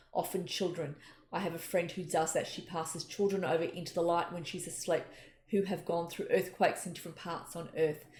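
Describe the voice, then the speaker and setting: A middle-aged woman, a psychic giving an earnest, gentle spiritual talk and telling personal stories. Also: lowish voice. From Australia. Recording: echoey room, faint noise.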